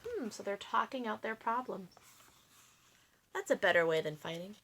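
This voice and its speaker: Expressive woman reading a children's book. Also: mid-range voice, normal speed, breathy edge. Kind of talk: children's read-aloud.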